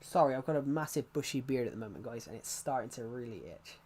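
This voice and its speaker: A man's voice: medium pitch, lively intonation, fast, darkish tone, slightly rough. A young man chatting casually on a live stream, rambling with many restarts and laughing at his own jokes. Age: young adult.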